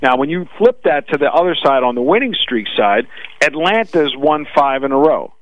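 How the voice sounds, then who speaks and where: A man with a Brooklyn accent analyzing sports betting odds on a radio talk show, talking fast with frequent restarts. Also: fairly high pitch, animated, no room sound, muffled recording. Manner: rapid with frequent restarts, "listen".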